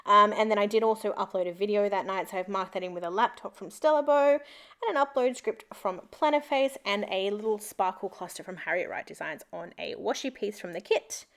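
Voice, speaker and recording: A young Australian woman talks through her week in an upbeat, rambling way. Her voice sits mid-range for a woman and comes across smooth and clear. It sounds like casual voice-over narration for a vlog. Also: medium pitch, a little fast. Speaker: planner vlogger.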